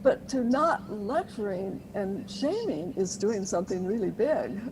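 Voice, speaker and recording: A woman's voice: medium pitch, animated, a little slow. A woman explaining parenting ideas as an interview guest, earnest and teacherly, with light laughs now and then. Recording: noisy interview recording.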